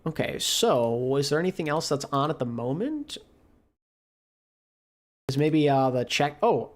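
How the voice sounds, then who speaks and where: A woman co-streaming an esports match, reacting excitedly to big plays with casual internet slang. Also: low voice, a little slow. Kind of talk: live esports co-stream commentary.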